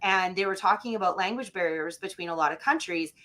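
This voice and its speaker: A woman's voice: fairly low pitch, fast, fairly bright tone. A woman from Alberta, a podcast guest, chatting casually and animatedly with lots of fillers and acted-out quotes. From Alberta, Canada. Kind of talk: casual conversational interview.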